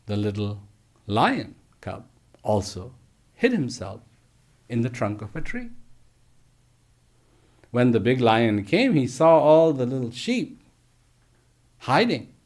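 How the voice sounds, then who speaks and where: A man giving a slow storytelling talk to teachers, gentle and emphatic, with repeated phrases and pauses. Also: medium pitch, sing-song. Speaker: speaker addressing teachers. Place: live online address.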